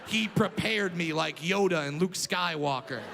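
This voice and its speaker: Brash, high-voiced stand-up comedian. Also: male voice, unhurried, gravelly, background noise. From California. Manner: brash, profane storytelling with acted-out quotes. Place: large theater stage before a laughing audience. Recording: live theater with long reverb, loud crowd.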